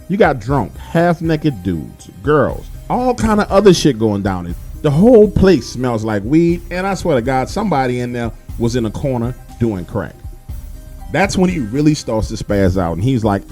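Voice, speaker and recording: A man telling a wild story in a casual, animated way, swearing constantly. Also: on the high side. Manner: animated, heavily profane.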